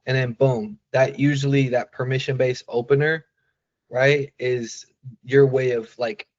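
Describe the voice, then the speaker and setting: A man's voice: mid-range voice, fairly even intonation, unhurried. Casual male sales coach, muffled call. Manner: casual, filler-heavy, demonstrative. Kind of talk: live coaching on a video call.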